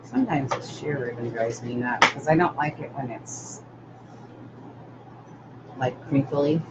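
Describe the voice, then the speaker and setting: An older woman with a very deep voice, speaking a little slowly, hosts a live-stream craft tutorial. She rambles chattily and greets viewers by name as she works, in dull lo-fi audio with steady noise.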